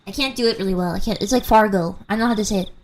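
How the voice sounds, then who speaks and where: Speaking very fast in a mid-range voice, a young woman with a faint American mountain accent rambles and giggles with her viewers while streaming a game. She is casual and animated, and there is slight background noise.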